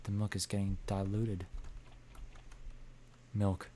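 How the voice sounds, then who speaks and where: A man's voice: fairly low pitch, level tone, takes it slowly, dark tone, a little hiss or hum. A tired man streaming a video game, rambling and joking in a casual way. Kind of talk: casual game livestream commentary.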